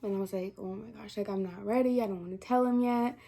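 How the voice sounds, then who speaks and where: A woman's voice: mid-range voice, fast talker, mellow. A teenage girl vlogging, chatting through a personal story with lots of "like" and quoted dialogue, close to crying. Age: teens. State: near tears. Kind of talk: casual storytelling to camera.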